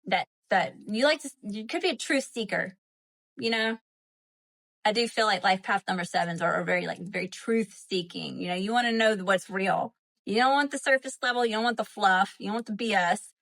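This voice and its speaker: A woman's voice: medium pitch, normal speed, gravelly, a bit bright. A woman with a Southern accent hosting a casual spiritual livestream, chatty and repetitive, often checking in with "right?" and "you know?". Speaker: spiritual host. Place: home, live stream. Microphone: phone or webcam mic.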